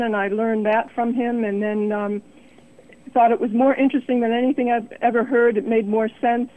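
A woman, a guest on the phone, recalling her story hesitantly with many ums. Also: fairly high pitch. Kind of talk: casual interview answer. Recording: tinny phone line.

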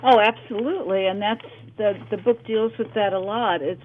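A woman author being interviewed, speaking thoughtfully with frequent pauses and fillers. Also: medium pitch, steady tone. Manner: slow, thoughtful, with many fillers. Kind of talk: interview conversation. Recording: tinny phone line.

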